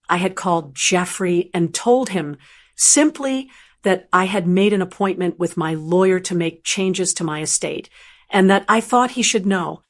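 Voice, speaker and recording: Older woman, steady storyteller, measured scripted narration. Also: medium pitch.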